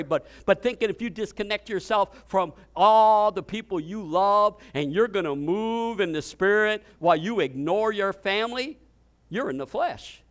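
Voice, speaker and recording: A man with a high, ringing voice delivers a sermon with fervor. He swings from loud declarations down to quiet, close asides, and his tone stays smooth and resonant throughout. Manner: impassioned preaching that swings from loud to hushed. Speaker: pastor.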